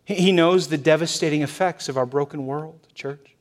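A male pastor preaching a sermon in a church, shifting between loud emphasis and hushed softness. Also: fairly high pitch, normal speed. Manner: expressive, swings from loud to hushed.

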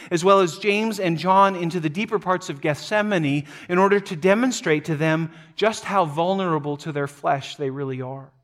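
A man's voice: high-pitched, fairly bright tone. A man preaching a sermon as pastor, telling a story earnestly with frequent restarts.

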